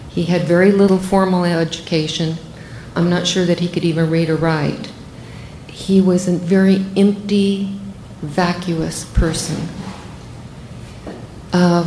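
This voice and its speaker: An older woman, a physician, telling a first-person story in a measured, matter-of-fact way. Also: lowish voice, darkish tone, echoey room, slight background noise, rough recording.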